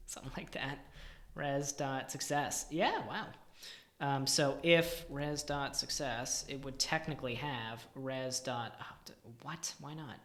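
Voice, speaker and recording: Thinking aloud as he codes on a live stream, a man mutters in exasperation and sometimes drops almost to a whisper. His medium-pitched voice is a bit bright and he takes things slowly. There is a roomy echo on the recording.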